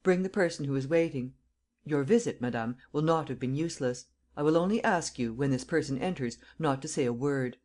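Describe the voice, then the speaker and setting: Narrator as calm middle-aged police chief, firm questions, audiobook. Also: male voice, a little high, fairly quick, close to an everyday voice. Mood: brisk. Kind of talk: audiobook character voice.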